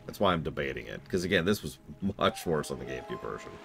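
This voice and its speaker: Brief: male streamer with a low voice, rambling and jokey live game commentary, pitch swinging up and down a lot. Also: expressive, fast talker, gravelly, music in the background. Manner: rambling, joking, self-deprecating asides; talks to chat while playing.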